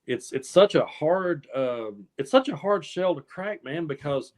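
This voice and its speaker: A man's voice: a little high, animated, unhurried, darkish tone. A man from the American South co-hosting a casual political chat show, talking in an earnest, rambling way and often repeating words as he restarts. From Appalachian South, US. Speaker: co-host.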